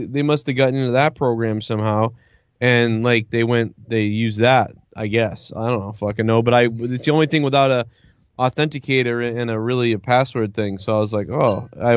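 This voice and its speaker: A man's voice: mid-range voice, fairly even intonation, brisk, smooth, no echo. Rambling, profane man on a dry, dull mic. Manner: profane, rambling storytelling with lots of quoting. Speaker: streamer. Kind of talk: casual chat.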